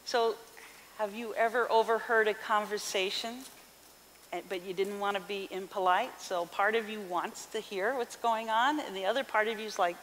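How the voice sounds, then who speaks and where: A woman pastor delivers a sermon in an expressive, questioning way, her voice sitting in the middle range. The sound carries a long hall reverb with a faint hiss underneath. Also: mid-range voice, normal speed. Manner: expressive reading with rhetorical questions to the congregation. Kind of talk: scripture reading and sermon. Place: church sanctuary.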